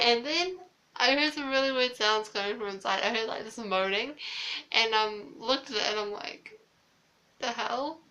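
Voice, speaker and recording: A woman vlogger tells a personal story in a loose, chatty way, with plenty of fillers and acted-out quotes. Her voice is bright and a little high. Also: normal speed. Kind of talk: casual storytelling.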